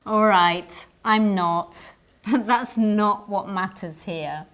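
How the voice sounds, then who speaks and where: A woman teaching an English lesson in a scripted style, pronouncing each word carefully and deliberately. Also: medium pitch, fairly bright tone.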